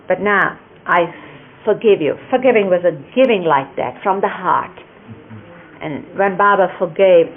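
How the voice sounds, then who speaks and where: An older woman gently recalling a teacher's hand gestures, explaining each one at an unhurried pace. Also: medium pitch. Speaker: speaker recalling a spiritual teacher. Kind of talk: reminiscing explanation. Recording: lo-fi phone-like archive recording with faint hiss.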